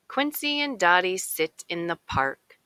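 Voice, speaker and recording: A woman reading a children's picture book aloud in a slow, expressive storytelling way. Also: on the low side, dry recording. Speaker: narrator.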